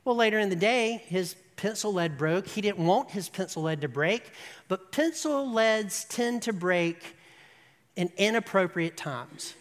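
An animated preacher tells a story, building to emphatic peaks and checking in with the listeners. The voice sits at a middling pitch and carries a long, echoing hall reverb. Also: a little slow. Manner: asks the audience "right?". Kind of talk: sermon storytelling.

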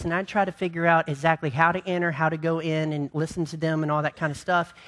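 A male pastor giving a sermon, swinging from impassioned preaching to a quieter, conversational delivery. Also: sits high.

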